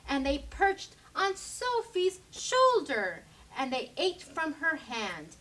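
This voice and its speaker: A woman storyteller at a library, reading a children's picture book aloud in an animated way. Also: on the high side, distant mic. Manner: slow animated read-aloud.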